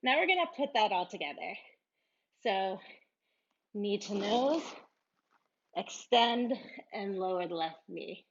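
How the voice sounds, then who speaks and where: Female yoga teacher, unhurried encouraging cues, slightly muffled recording. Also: medium pitch. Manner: calm, encouraging cueing with breathy laughs. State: out of breath at times. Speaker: yoga instructor. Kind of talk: guided yoga class cues.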